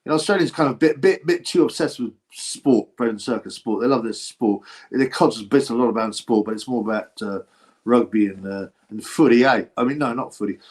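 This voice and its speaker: A man hosting a casual livestream, thinking out loud as he talks. His pitch sits right in the middle range for a man. He drifts from point to point, breaks off mid-sentence and turns to greet viewers in the chat. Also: a little fast. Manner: meandering, gossipy, asks himself questions and restarts often. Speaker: boxing channel host. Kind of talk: rambling livestream chat, answering viewer comments.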